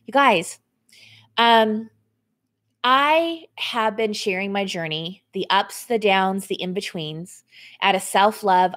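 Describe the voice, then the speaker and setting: A woman fitness coach chats live with her viewers from home, her pitch sitting in an ordinary middle range. She speaks candidly, breaks off to read comments aloud and thank people by name, and laughs easily, her voice rising and dropping in loudness as she goes. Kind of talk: casual live stream to viewers. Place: indoors at home.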